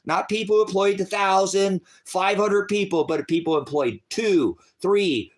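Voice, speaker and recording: Middle-aged guy ranting angry and profane, slightly high voice, drops low then yells, keeps restarting. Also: a little slow. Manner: heated, profane, repeats words and restarts; swings between low mutters and loud outbursts. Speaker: online ministry host. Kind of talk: angry political rant.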